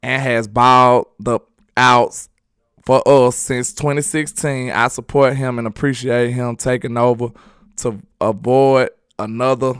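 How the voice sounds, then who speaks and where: A man's voice: medium pitch, fairly even intonation, a little slow, a bit bright, clear, resonant tone, no echo, clean studio sound. A man hosting a casual sports live stream, reading viewer comments aloud in a loose, slangy, repetitive way and laughing often.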